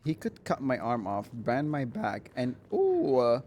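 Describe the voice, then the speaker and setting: A man streaming a horror game, chatting excitedly with viewers, swearing and laughing as he plays. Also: mid-range voice, measured pace. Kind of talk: casual gameplay commentary.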